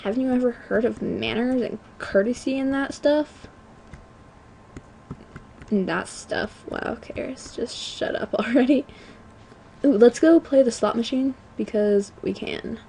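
Chatty teenage girl gamer, slow and apologetic. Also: on the high side, gravelly, a little hiss or hum. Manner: chatty, apologetic, self-mocking, bursts of excitement. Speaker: let's play gamer. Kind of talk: casual gameplay commentary. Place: home.

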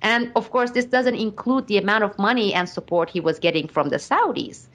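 A middle-aged woman giving commentary as a podcast guest, speaking deliberately and emphatically with frequent pauses. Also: mid-range voice, fairly bright tone. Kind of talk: casual podcast discussion.

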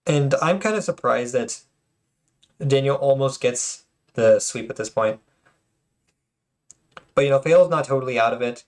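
A man's voice: medium pitch, unhurried, pauses often. A man casually commenting on game replays, often stuttering and restarting his words, with apologetic asides. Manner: self-conscious, apologetic asides.

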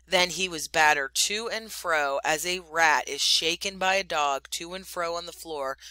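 Slow, expressive woman reading a story. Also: on the low side, no room sound. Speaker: teacher.

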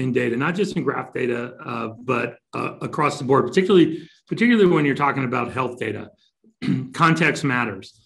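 A man presenting a business webinar, measured and deliberate, shifting his stress to make points. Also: mid-range voice, a bit bright. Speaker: company chief executive presenting a webinar.

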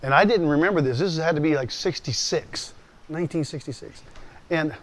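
A man in his sixties, a pastor telling a personal testimony in an animated way, dropping to hushed asides and rising to loud bursts. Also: a little high, fairly quick. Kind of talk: storytelling testimony.

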